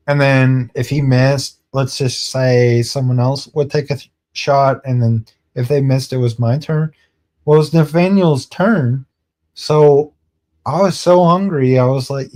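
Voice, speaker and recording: A man on a stream tells a rambling, casual story, quickly quoting his friends' lines in their voices and laughing and swearing now and then. His voice is medium-pitched and a little mellow.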